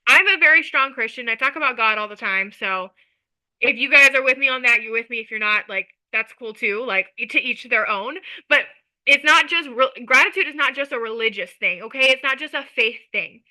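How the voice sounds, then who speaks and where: A woman with a high, very bright voice talks to her followers as a social media coach. She is emphatic and energetic. She keeps checking in with her listeners as she goes. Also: a little fast, poor audio. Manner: energetic, emphatic, chatty with repeated "okay?". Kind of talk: motivational talk to followers.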